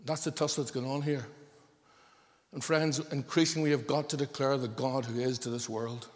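A male preacher delivers a sermon with emphatic, repetitive stresses. His voice sits at an ordinary middle pitch. It rings out with the long reverb of a large church hall. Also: steady tone, moderate pace. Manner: emphatic, repeating phrases for stress.

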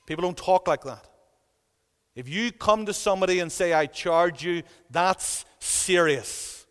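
A man's voice: high voice, unhurried, a bit bright, clean tone, in a large hall. A man preaching a sermon in a church, earnest and emphatic, repeating phrases for weight.

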